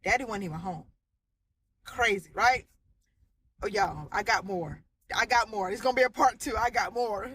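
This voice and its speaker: Bright, animated woman telling a ghost story. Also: mid-range voice, normal speed, slightly rough, no room sound. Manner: animated, vivid retelling with voiced quotes and sound effects. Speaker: storyteller sharing a haunting testimony. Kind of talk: casual spoken storytelling. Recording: audio cutting in and out.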